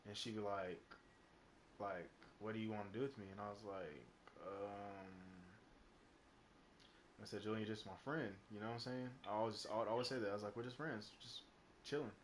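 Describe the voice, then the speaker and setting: A man's voice: fairly low pitch, steady tone, brisk, slight background noise. A young man streaming live, telling a personal story in a rambling, casual way full of fillers and swearing. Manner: rambling, heavy on fillers and profanity.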